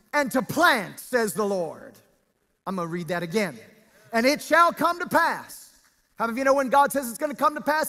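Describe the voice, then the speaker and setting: A male pastor preaching a sermon, reading scripture aloud with drawn-out, half-sung emphasis and stirring the congregation. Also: very high-pitched, pushed and bright, long reverb tail.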